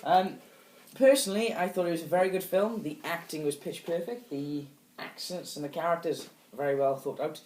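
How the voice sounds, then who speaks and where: A man's voice: a little high, moderate pace, darkish tone. A young man with a British accent chatting casually as a film reviewer, earnest and keen to keep the talk on track. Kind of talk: casual chat. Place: indoor room. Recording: echoey room with faint background noise.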